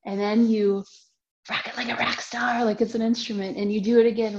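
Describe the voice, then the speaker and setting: A young woman teaching yoga to children, giving slow, encouraging cues in a sing-song way and now and then making animal sounds. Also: a little high, flat delivery. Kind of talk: guiding a children's yoga class. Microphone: camera mic. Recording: dull lo-fi home video sound.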